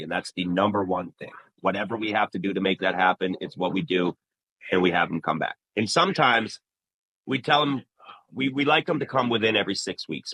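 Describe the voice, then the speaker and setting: A man's voice: on the low side, dry recording, low-quality recording. A man who owns a barbershop, talking casually in an interview and acting out conversations with clients as he tells stories. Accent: New England. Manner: animated storyteller, acts out quoted dialogue. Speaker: barbershop owner, guest.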